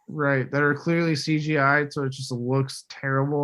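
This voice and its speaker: A man with a slightly high-pitched voice co-hosting a movie podcast. He is blunt and animated, and he swears freely as he mocks the film. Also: moderate pace. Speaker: podcast co-host. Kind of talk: casual movie review chat.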